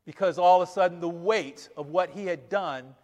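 In a big-sounding room, a man with a high-pitched voice preaches a sermon at a moderate pace. Reading scripture aloud to his congregation, he animatedly acts out the quoted lines, chuckling as he goes.

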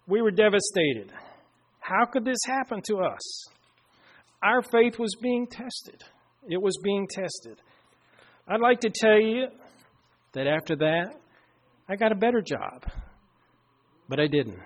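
Man preacher, high-pitched, middle-aged, storytelling sermon with hushed emphatic pauses. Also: expressive. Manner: storytelling, slows down and drops to a hush for emphasis.

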